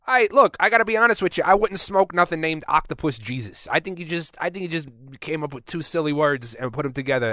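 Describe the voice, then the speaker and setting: A man's voice: a little high, a bit bright, dry recording, clean studio sound. A man hosting a podcast, reading out listener submissions and riffing on them with rambling jokes. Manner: joking, rambling asides. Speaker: podcast host.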